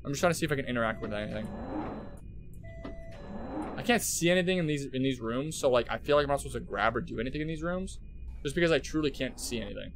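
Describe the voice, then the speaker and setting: A young man streaming a horror game, jumpy and swearing, talking to his chat and shouting at those who laugh at him. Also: mid-range voice, expressive, quick pace, pauses often, slight background noise. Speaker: gaming streamer. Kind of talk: live horror game commentary. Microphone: headset.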